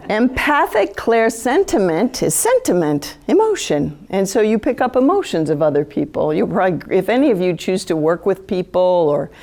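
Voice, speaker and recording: A woman giving a live talk to an audience in a chatty, animated way, often acting out quoted thoughts. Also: medium pitch, normal speed. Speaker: speaker giving a talk on empathy.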